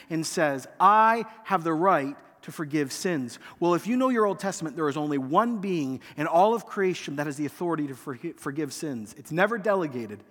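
Male pastor, sermon, high pitched, animated delivery, dropping to a hush at phrase ends, long reverb of a church hall. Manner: animated preaching, acts out quoted lines, trails off quietly at phrase ends.

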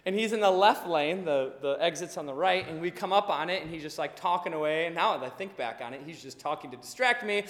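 High-voiced pastor, animated, echoing hall. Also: male voice, quick pace, hardly any pauses. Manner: animated storytelling, acts out dialogue, laughs along. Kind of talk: sermon with storytelling. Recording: long hall reverb.

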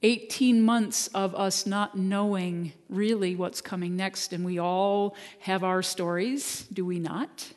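Minister at the pulpit, easygoing storyteller, mid pitch, long hall echo. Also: steady tone, slow pace, few pauses. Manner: conversational storytelling with gentle humor. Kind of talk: sermon. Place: church sanctuary.

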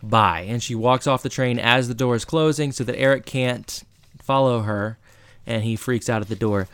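A man's voice: medium pitch, normal speed, smooth, no room sound. A man co-hosting a podcast, casually retelling a TV episode with lots of fillers. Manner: relaxed storytelling with filler words. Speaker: podcast co-host. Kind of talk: casual recap chat.

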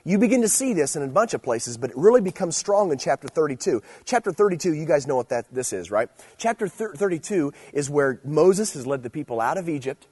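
A young man giving a relaxed, conversational sermon, telling stories about home life and then preaching with growing energy. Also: on the high side, fairly quick, hardly any pauses, slightly rough. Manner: conversational storytelling, animated and playful when preaching. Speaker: youth pastor. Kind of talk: casual sermon.

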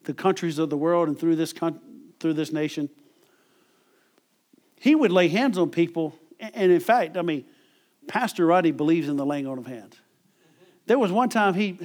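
Middle-aged male preacher, conversational sermon delivery, a little high-pitched, chuckles between points. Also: animated, moderate pace, pauses often. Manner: conversational, repeats and restarts words, chuckles often.

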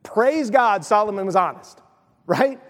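A man's voice: high-pitched, animated, unhurried, long reverb tail. A man preaching a sermon as pastor, emphatic and asking his listeners questions. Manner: emphatic, asks the crowd questions.

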